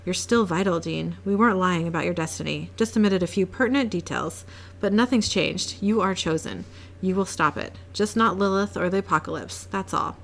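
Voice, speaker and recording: A woman's voice: on the low side, creaky. Zach, a smug angel read by a woman. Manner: glib, mocking, unhurried. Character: smug scheming male angel bureaucrat.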